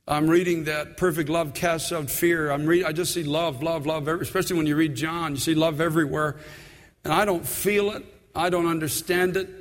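A man's voice: on the high side, steady tone, brisk, in a large hall. A man in his sixties, a pastor, preaching an earnest sermon full of personal stories in a church.

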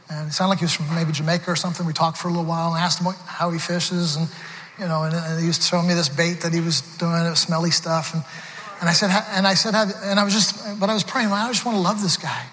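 A man's voice: sits high, a bit bright. A man preaching a sermon, telling stories with laughter and frequent restarts. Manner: storytelling with laughs, many restarts. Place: large church hall. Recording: reverberant hall with crowd noise.

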